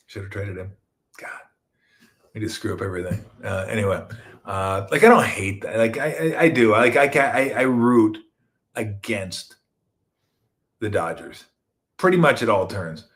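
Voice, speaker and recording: A middle-aged man from Southern California hosting a casual sports talk show, rambling and joking, with sudden loud outbursts and mumbled asides. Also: lowish voice, moderate pace, pauses often.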